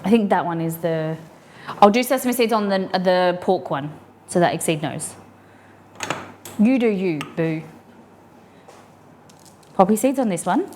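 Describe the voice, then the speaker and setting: A woman's voice: fairly low pitch, lively intonation, a little slow, long pauses, a little mellow, slight background noise. Chatty woman cooking live at home. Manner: chatty, playful, giggly asides. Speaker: cooking streamer. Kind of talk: casual live-stream cooking chat. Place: home kitchen.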